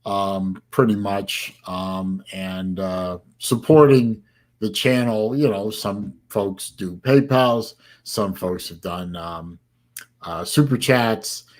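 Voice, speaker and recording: A fairly low-pitched, slow-paced voice belongs to an older man from Florida hosting a casual livestream. He rambles with many fillers, tired and yawning.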